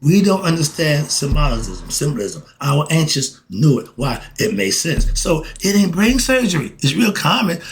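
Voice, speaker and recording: This host is a middle-aged man giving a casual spiritual talk at normal speed with hardly any pauses, his voice fairly high in pitch. He preaches excitably, answers questions he puts to himself, and shifts between heated bursts and calmer moments.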